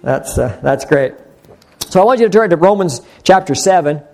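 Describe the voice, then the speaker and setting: A man's voice: fairly high pitch, lively intonation, normal speed, creaky, a little mellow. An older man preaching an earnest, conversational sermon, rambling with frequent restarts. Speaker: pastor.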